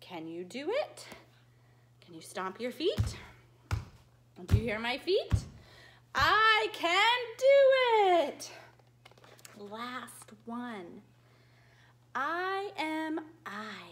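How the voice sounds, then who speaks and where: A woman who teaches dance to small children, reading a picture book aloud in a slow, animated and cheery way that coaxes them to join in. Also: high voice. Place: dance studio.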